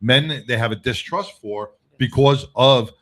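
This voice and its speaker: A man hosting a casual panel chat, talking in a halting way with frequent restarts and stammers. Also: mid-range voice, fairly bright tone. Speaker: host.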